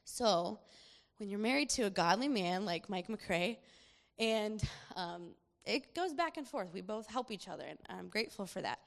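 Animated woman preaching in a reverberant hall. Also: medium pitch, moderate pace, creaky. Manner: chatty, animated, laughing often. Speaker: speaker sharing a testimony. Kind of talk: personal testimony sermon.

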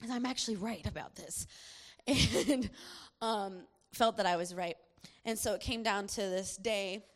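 A young woman sharing a personal testimony in a chatty, animated way, laughing often as she speaks. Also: mid-range voice, a little slow. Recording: long hall reverb.

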